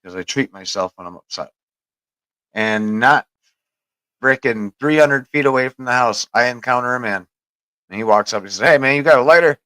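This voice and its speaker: A man with a lowish voice rambles through a profane anecdote as podcast host. The sound is close and dry, with no room around it. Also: normal speed, pauses often, sharp tone, no echo, rough recording. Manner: rambling, profane, laughs at own story. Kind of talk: casual storytelling chat.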